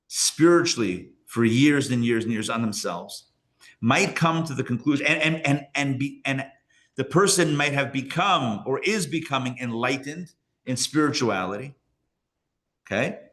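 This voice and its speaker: Male rabbi for a live class, mid-range voice, lively and emphatic, checks in with listeners often. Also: mid-range voice, measured pace. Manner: repeats phrases for emphasis. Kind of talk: live lecture to an audience.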